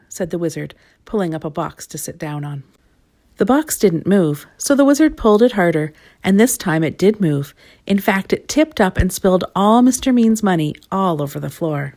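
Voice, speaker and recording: Woman, storybook reading, fairly low voice, expressive, gentle. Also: normal speed. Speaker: storybook reader. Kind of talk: reading a children's picture book aloud.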